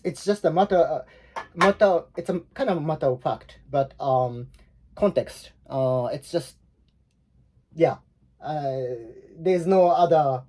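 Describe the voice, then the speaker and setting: Mellow-voiced teacher explaining haltingly. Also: male voice, on the high side. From Japan. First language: Japanese. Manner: halting, searching for words with frequent restarts. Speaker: Japanese language teacher. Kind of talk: explanatory online lesson.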